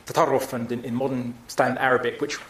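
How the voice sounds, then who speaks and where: A man's voice: mid-range voice, flat delivery, fast talker, a bit bright, reverberant. A man giving a public talk and taking audience questions, speaking emphatically with frequent restarts.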